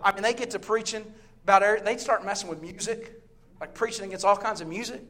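A middle-aged man with a Southern US accent preaches a sermon in church. His voice sits high, and he tells stories with loud, shouted peaks and hushed asides. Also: fairly even intonation, fast. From Southern US, Texas. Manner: loud, storytelling, swings between shouting and quiet asides.

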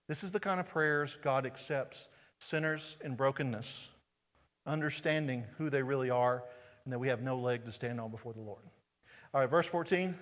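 A male pastor with a Southern US accent preaching a sermon in a church sanctuary, quizzing his congregation with rhetorical questions through a body-worn mic. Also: medium pitch. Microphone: wearing a mic on his body. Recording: long hall reverb.

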